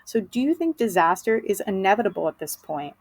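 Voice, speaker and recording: A woman's voice: mid-range voice, sing-song, brisk, a little mellow, dry recording, poor audio. A woman teacher giving a casual, chatty lesson summary, full of fillers.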